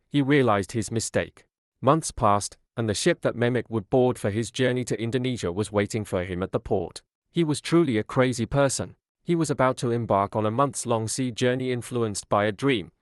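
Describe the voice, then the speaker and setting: A man calmly narrating a scripted storybook tale in a measured way. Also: medium pitch, no echo, clean studio sound.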